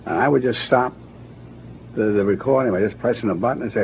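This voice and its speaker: An older man, a cartoon producer and director, telling stories in an interview with a brisk, anecdotal manner. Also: medium pitch, gravelly. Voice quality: brisk, anecdotal, acts out quotes. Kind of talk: interview, reminiscing. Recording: dull archival recording with faint hiss.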